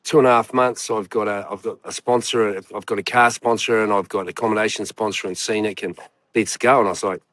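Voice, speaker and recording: A man's voice: fairly low pitch, steady tone, fast, fairly bright tone, no room sound. A man, a guest telling a long personal story in casual chat, rambling and swearing with many fillers. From New Zealand.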